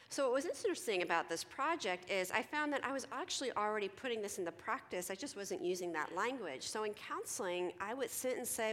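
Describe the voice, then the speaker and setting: Counselor speaking in a big hall. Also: female voice, medium pitch, a little fast, few pauses. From Philadelphia. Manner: animated, conversational, acts out teens and herself in quoted dialogue. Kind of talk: conference talk to an audience. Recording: long hall reverb.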